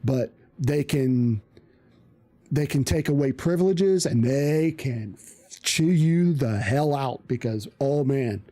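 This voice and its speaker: A man's voice: medium pitch, takes it slowly, warm tone. A male streamer telling a casual story, rambling with restarts and plenty of swearing.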